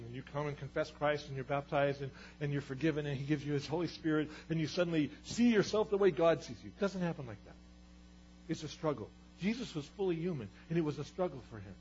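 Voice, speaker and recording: A man preaching a sermon, telling stories with lively swings between loud and hushed delivery. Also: fairly high pitch, quick pace. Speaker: pastor. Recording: dull sound with faint hum.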